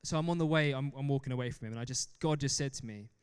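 A young man delivers a sermon in a large church hall, his smooth, clear voice trailing into a long reverb. He talks in an animated way and breaks off for self-mocking laughs. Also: medium pitch, very fast. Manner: animated, laughs often, self-deprecating asides. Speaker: preacher.

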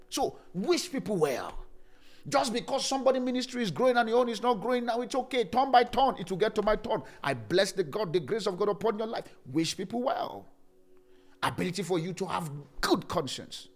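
A middle-aged man preaching a sermon as pastor, repeating key phrases slowly and swinging between loud and hushed delivery. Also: very high voice, animated.

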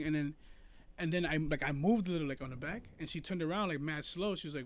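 A man in casual chat, telling a spooky story in an animated way, swearing freely and calling his friend "bro". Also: fairly high pitch, fast talker, no echo. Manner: animated, swears a lot, says "bro" often.

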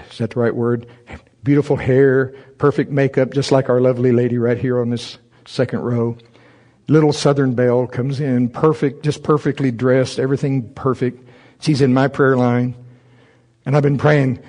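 Before a church congregation, a man delivers a sermon that blends scripture with a comic story from his own life. He's lively and humorous, laughing through his own anecdotes, and when he gets excited his voice jumps high and loud.

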